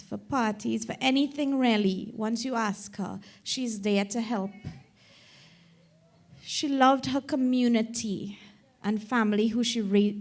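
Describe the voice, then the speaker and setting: Middle-aged Trinidadian woman delivering her mother's eulogy, fairly high voice, unhurried, choked-up reading. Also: darkish tone. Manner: slow, earnest reading that breaks into tears at times. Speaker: daughter giving a eulogy. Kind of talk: funeral eulogy read aloud.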